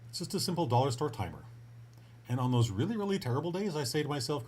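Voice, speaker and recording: A man who is a writing coach and podcast host delivers a casual motivational coaching monologue on his own show, earnest and encouraging, often restarting sentences and tossing in upbeat asides. His voice is mid-range and darkish, very animated, and racing in speed.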